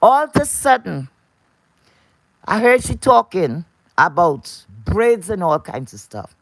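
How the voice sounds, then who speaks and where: A woman's voice: fairly low pitch, big pitch swings, slow pace, no room sound. A woman talking to her viewers in a casual ranting livestream, blunt and profane, often repeating herself. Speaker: live streamer.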